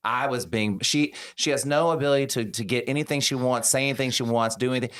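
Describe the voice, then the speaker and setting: A man's voice: mid-range voice, fast, a bit bright, clear, resonant tone. A man in a casual podcast conversation, reflective and thinking aloud as he talks. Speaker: podcast co-host or guest.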